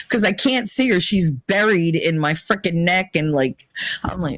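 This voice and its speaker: A woman hosting a casual storytelling monologue, blunt and profane, with Italian-American family roots, who acts out other people's voices in high squeals. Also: lively intonation, moderate pace, no echo. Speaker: podcast host.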